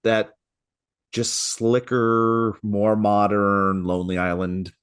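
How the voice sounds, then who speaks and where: A man with a fairly low voice co-hosting a podcast in easy, casual chat. He is relaxed and drops quick jokes and asides while his co-host talks. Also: clear, resonant tone, no echo, clean studio sound.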